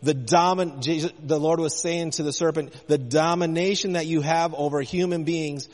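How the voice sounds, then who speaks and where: Male preacher, fairly high voice, impassioned sermon, long church reverb. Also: steady tone, moderate pace, a little mellow. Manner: impassioned, rising and falling in intensity.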